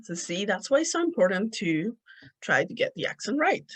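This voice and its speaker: A woman's voice: mid-range voice, big pitch swings, normal speed, slightly rough, rough recording. A woman with a Spanish accent, a native Spanish speaker, hosting a solo podcast and chatting casually with frequent laughter. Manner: chatty, laughs often while telling stories. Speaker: podcast host.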